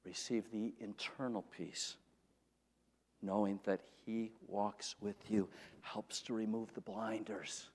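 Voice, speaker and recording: A male pastor preaching a sermon, telling a story and swinging between loud and quiet passages. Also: fairly low pitch, flat delivery, slow, in a large hall. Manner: storytelling, rising and falling in loudness. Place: church sanctuary.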